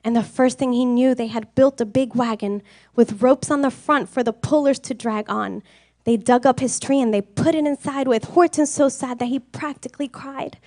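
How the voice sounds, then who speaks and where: A woman reading a rhyming storybook aloud with a rhythmic, expressive sing-song delivery. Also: high-pitched, normal speed, no room sound, clean studio sound. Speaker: reader.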